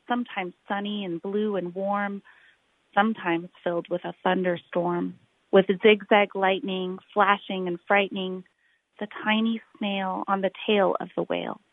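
Slow, tinny storybook reading by a woman. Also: mid-range voice, gravelly, no room sound. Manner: expressive, rhythmic read-aloud with drawn-out phrases. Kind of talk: reading a children's picture book aloud. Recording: tinny phone-like recording.

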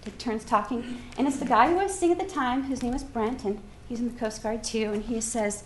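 A woman from Alaska telling a personal story on stage, lively and laughing as she acts out the people in it. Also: on the high side, brisk, few pauses. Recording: echoey hall, faint ambience.

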